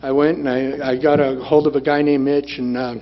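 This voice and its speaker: At a group meeting, a man shares his recovery story, plain-spoken and blunt, repeating phrases for emphasis as personal testimony. His medium-pitched voice is level and brisk, captured in a dull lo-fi room recording with faint noise.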